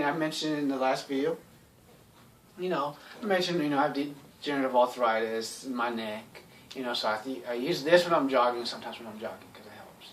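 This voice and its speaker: A man's voice: fairly high pitch, a bit bright, far from the mic, a little hiss or hum. A man talking in a casual, rambling monologue, blunt and sarcastic, with lots of "you know" fillers. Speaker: YouTube commentator.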